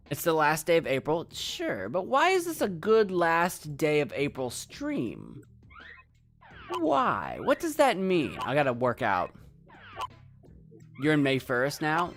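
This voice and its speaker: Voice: mid-range voice, wildly swooping pitch, slow pace, fairly bright tone, faint music behind. A streamer giving playful, rambling commentary while playing a video game live and talking to chat.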